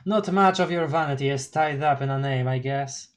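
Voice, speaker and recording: A streamer reading a webcomic aloud and giving a pompous, courteous male villain a faint, measured, formal voice. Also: mid-range voice, close to an everyday voice. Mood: condescending.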